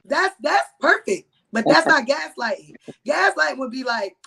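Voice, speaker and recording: A woman co-hosting a comedy talk show, with a deep, gravelly voice and a laid-back, rambling way of talking. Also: expressive, moderate pace, sharp tone. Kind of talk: casual comedic banter.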